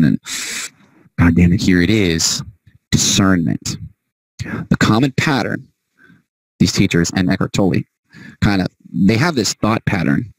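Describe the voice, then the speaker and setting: A man's voice: low voice, darkish tone, dry recording, poor audio. A man hosting a solo podcast monologue, heated and emphatic, cursing freely. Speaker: podcast host.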